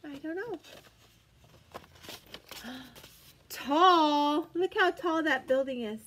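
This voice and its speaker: A young woman teacher reads a picture book aloud to little children. Her voice sits high and she takes her time. She gasps and stretches words in a sing-song tone full of wonder. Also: very slow, long pauses, fairly bright tone. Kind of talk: read-aloud storytime.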